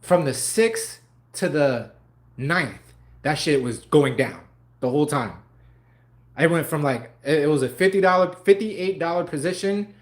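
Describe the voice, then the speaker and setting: A man's voice: on the high side, measured pace. A young man on a livestream talking casually and animatedly, swearing freely and laughing often. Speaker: live stream host.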